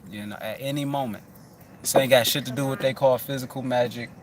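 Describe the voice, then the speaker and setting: A man's voice: medium pitch, steady tone, quick pace, heavy background noise. A man hosting a loose, casual chat, talking in a rambling, profane way with many restarts.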